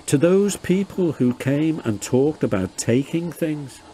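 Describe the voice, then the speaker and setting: Small boy-like engine, high and jumpy, played by a male narrator. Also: expressive, a little slow, mellow, slight background noise, poor audio. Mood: worried. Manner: anxious, then gleefully singsong. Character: small eager young male steam engine.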